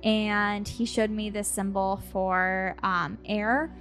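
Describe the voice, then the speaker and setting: A woman podcast host telling a story casually over a video call, animated, laughing and swearing as she goes. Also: medium pitch, slow pace, faint music behind.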